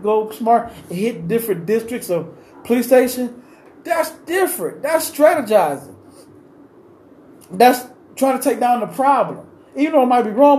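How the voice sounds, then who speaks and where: A man's voice: very high-pitched, darkish tone. A man in an unscripted, impassioned monologue, pleading and insistently repeating his questions, rambling with restarts as he goes. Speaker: vlogger giving his opinion. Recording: roomy echo with faint ambient noise.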